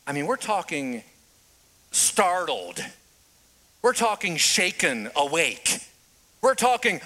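A man preaching a sermon, telling the story with animated delivery and dramatic pauses. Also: mid-range voice.

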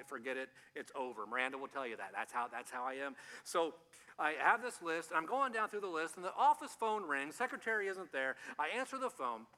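A man preaching from the pulpit with a bright, forceful voice that sits a little high. He tells stories casually, tosses questions out to the congregation, and trips over and repeats his words. The sound carries a long church reverb. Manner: conversational storytelling, asks the congregation questions, stumbles and repeats words. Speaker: pastor. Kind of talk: sermon. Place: church sanctuary.

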